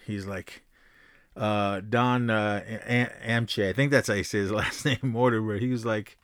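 A man's voice: lowish voice, steady tone, measured pace, a bit bright, clear, resonant tone, dry recording. Rambling male podcast host in a dry room. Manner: rambling, full of fillers, acts out quotes. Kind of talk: casual movie recap.

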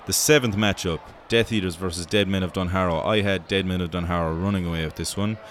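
A man's voice: low-pitched, fairly even intonation, fast talker, a little hiss or hum. An Irish man hosting a show, giving joking, profane mock sports commentary in rambling banter. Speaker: host.

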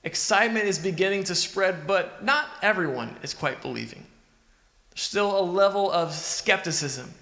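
A man's voice: high voice, moderate pace, gravelly, pushed and bright. A man preaching a sermon in an earnest, conversational way, asking the listeners questions. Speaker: pastor. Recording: echoey hall with long reverb.

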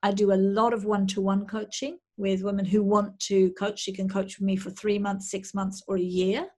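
A woman guest on a podcast, explaining her coaching programs in a steady, explanatory way. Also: mid-range voice, moderate pace. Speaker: menopause coach. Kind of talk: interview guest.

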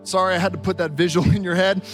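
A man in his thirties with a notably high voice delivers a sermon from a church stage. He tells his stories with animated, vivid energy. Soft music plays faintly behind him. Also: fast. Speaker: pastor. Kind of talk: storytelling sermon.

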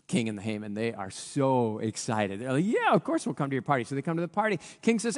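A man preaching a storytelling sermon, his fairly high voice swinging widely as he acts out each character's lines. His pitch leaps and drops with the drama of the story. A long reverb trails every phrase, as in a church hall. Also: wildly swooping pitch, a little fast. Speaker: pastor.

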